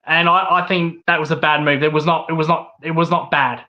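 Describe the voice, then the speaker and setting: On his own channel, a host with an Australian accent rants angrily, swearing heavily and repeating phrases. His voice is fairly high, level in tone, brisk and sharp. The audio sounds dull.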